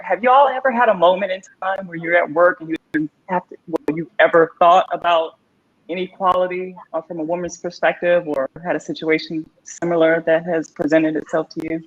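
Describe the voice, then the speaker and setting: A woman hosting a discussion, asking open questions in a measured, inviting way. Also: sits low, highs cut off. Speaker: host.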